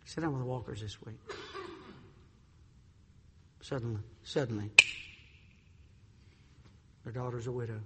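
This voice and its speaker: A man preaching a sermon as pastor, swinging from hushed, tender passages to shouted, urgent appeals. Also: medium pitch, steady tone, a little slow, long pauses, background noise. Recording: reverberant hall.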